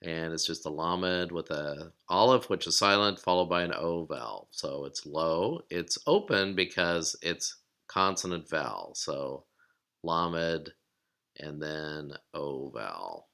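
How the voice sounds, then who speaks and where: Low, bright-voiced man teaching a lesson. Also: vocal fry. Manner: measured, explanatory, sounds out words slowly. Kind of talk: recorded lesson.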